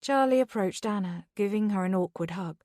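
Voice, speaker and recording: A woman narrating a thriller audiobook in a measured, even way, close to the mic. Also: mid-range voice, no echo. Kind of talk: scripted narration.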